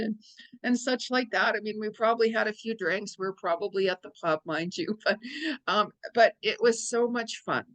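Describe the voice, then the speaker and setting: A woman's voice: on the high side, fairly even intonation, normal speed, low-quality recording. A woman psychic medium talking casually to her viewers, rambling and chatty, and laughing often. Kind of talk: casual astrology vlog monologue.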